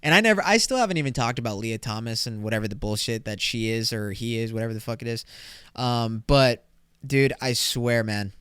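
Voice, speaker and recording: A young man from California hosting a solo podcast, telling stories in a slangy, profane, animated way. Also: mid-range voice, fairly quick, clean tone, no room sound, clean studio sound. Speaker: podcast host. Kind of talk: casual solo podcast monologue.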